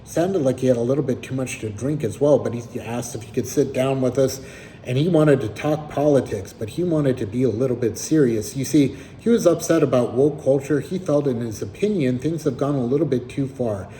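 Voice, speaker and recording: A man's voice: mid-range voice, brisk, dark tone, slight background noise, rough recording. A man casually telling a story about someone he met, in a conversational, slightly wry way.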